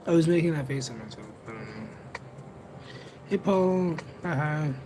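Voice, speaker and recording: A young man chatting casually with viewers on a livestream, rambling and second-guessing himself out loud. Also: on the high side, lively intonation, normal speed, noisy background. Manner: rambling, self-conscious, overthinks aloud. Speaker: livestreamer and tarot reader. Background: music playing in the background.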